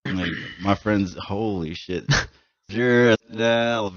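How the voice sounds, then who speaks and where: Very deep-voiced male podcast host. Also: drawn-out words, lo-fi sound. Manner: loose, profane, storytelling. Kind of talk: casual chat. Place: podcast studio.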